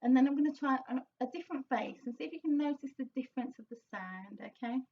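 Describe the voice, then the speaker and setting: A woman's voice: high voice, fast talker, recorded from a distance, highs cut off. A woman vocal coach giving an encouraging singing lesson, explaining technique and sometimes singing short demonstration lines.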